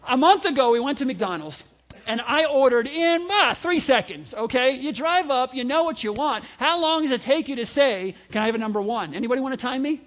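A man's voice: very high voice, expressive, brisk, fairly bright tone. A middle-aged man, a pastor, telling a humorous sermon story with laughter and mimicked voices.

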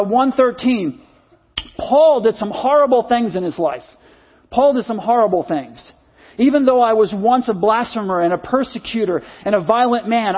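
A man's voice: high voice, breathy edge, muffled recording. A middle-aged male pastor preaching a sermon in an earnest, repetitive style, leading the congregation in call-and-response.

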